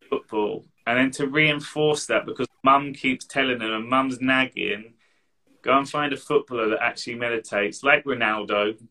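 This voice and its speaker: A man's voice: mid-range voice, sharp tone, poor audio. A man co-hosting a live session, giving casual, earnest advice, rambling and repeating words. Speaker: co-host meditation coach.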